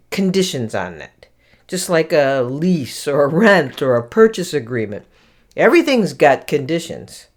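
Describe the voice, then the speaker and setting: Slow, reflective podcast host. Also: medium pitch. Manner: unhurried and self-deprecating, thinking aloud with pauses. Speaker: podcast host teaching Buddhism. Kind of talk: reflective solo podcast talk.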